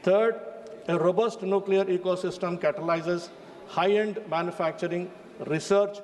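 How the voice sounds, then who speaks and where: A man's voice: sits high, steady tone, moderate pace, darkish tone, long reverb tail, slight background noise. A man with an Indian English accent giving an emphatic parliamentary speech, repeatedly addressing the chair as sir. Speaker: member of parliament. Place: large debating chamber.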